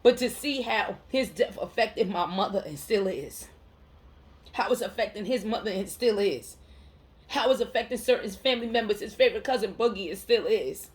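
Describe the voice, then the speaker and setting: At a normal pace and mid-range pitch, this woman, a mental health counselor, offers a sincere motivational monologue to the camera. She leans on slang and emphasis, circling back to key phrases to make her point stick.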